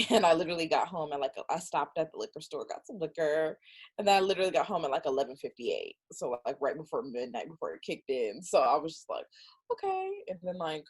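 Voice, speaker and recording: A woman's voice: deep voice, fast, breathy edge. A young woman co-hosting a podcast, chatting casually and acting out quotes as she tells stories. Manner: animated storyteller acting out quotes. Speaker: podcast co-host. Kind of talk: casual chat.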